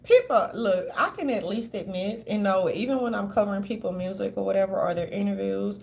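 A woman riffs on a livestream in a loose, slangy way at a middle pitch, easy laughs running through her talk. She speaks straight to her chat and calls them darlings and y'all. A soft hiss sits under the voice. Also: fairly quick, creaky. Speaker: YouTube commentator. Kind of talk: livestream commentary talking to chat.

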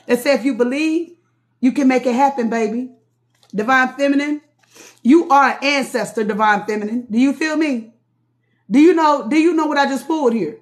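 A woman runs a casual live-stream tarot reading. She talks to her viewers directly, chatty and easygoing, and laughs often. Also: high-pitched. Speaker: tarot reader.

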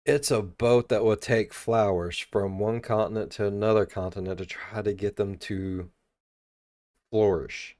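A man reacting to a video with loud, excitable commentary and a lot of swearing. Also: lowish voice, unhurried, dry recording, studio quality.

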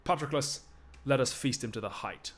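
A man's voice: mid-range voice, moderate pace, natural voice. Achilles, a man doing a grave proud warrior. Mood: grave, resolute. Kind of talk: live-streamed Shakespeare reading.

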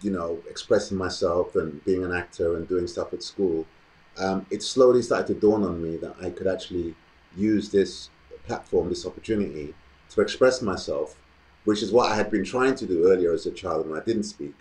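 A man with a very low, deep voice. As an interview guest, he tells his story slowly and thoughtfully. He often pauses with ums. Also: a little mellow, low-quality recording. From London, England. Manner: thoughtful, measured, with frequent ums. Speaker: actor and guest.

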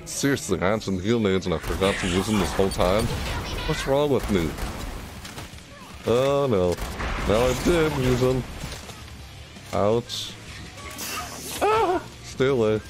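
A deep-voiced man streams a game, chattering casually to himself and yelping whenever things go wrong. Game music plays loudly under his voice. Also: measured pace, long pauses. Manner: excitable, yelps and self-talk. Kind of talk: casual gameplay commentary.

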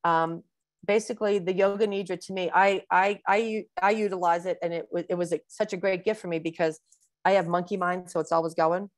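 A woman in her sixties, a physician being interviewed in a webinar, explaining at length in a warm, rambling way with many fillers. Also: fairly low pitch, fairly even intonation, fairly quick, dry recording. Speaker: breast cancer physician, guest.

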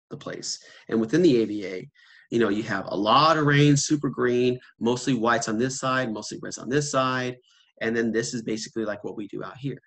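A man talks through a seminar in a relaxed, conversational way, at an ordinary middle pitch. He tells stories by acting out what other people said and keeps throwing rhetorical questions at his listeners. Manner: animated storytelling with quoted voices and rhetorical questions. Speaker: seminar speaker.

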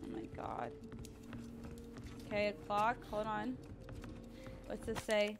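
A woman streaming a horror game, chatting excitably, cursing a lot and shrieking when scared. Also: mid-range voice, measured pace, creaky, pauses often, soft background music. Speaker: gaming streamer. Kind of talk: live let's-play commentary.

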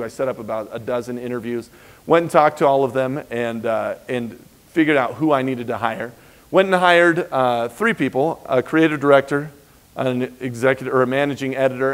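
A man giving a university lecture as a business speaker, telling his story in an animated, emphatic way and acting out quoted exchanges. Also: on the high side. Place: lecture hall.

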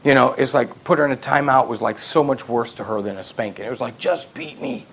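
A middle-aged male pastor preaches in a church sanctuary, sharing family stories with self-deprecating humor and climbing to loud, emphatic peaks. His voice is medium-pitched and fast, with slight background noise.

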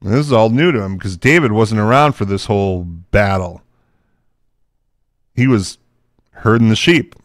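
Low-voiced man reading scripture. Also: moderate pace, pauses often, no room sound, clean studio sound. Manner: breaks from scripture into chatty asides. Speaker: Bible teacher. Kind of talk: reading scripture aloud with casual commentary.

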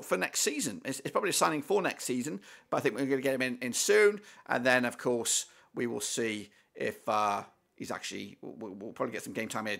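A man hosting a live football watchalong, commentating excitedly as a fan, with swearing, fillers and restarts. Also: on the high side, vocal fry.

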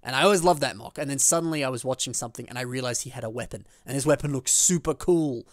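Host, male, mid-pitched, excitable, casual build commentary, dead-dry booth sound. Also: quick pace, dry recording. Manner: enthusiastic, with big pitch jumps on emphasis; chatty, with frequent fillers and restarts.

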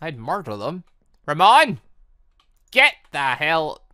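A man's voice: a little high, big pitch swings, normal speed, bright, forceful tone, no echo, studio quality. A young man chatting and joking through his Minecraft let's play, talking to the villagers in the game. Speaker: gaming YouTuber.

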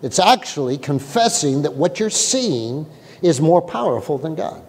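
A man preaching with a lively, swooping delivery that keeps jumping into acted voices of frightened people. His voice sits a little high for a man. A long reverb rings behind him, as in a church sanctuary. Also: unhurried, a little hiss or hum. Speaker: pastor. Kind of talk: sermon.

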